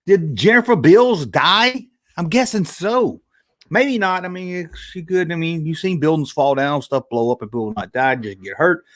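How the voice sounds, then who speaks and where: Rambling livestream host, talking to chat. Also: male voice, fairly high pitch, lively intonation, moderate pace. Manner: rambling, reading chat aloud. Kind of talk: casual livestream review chat.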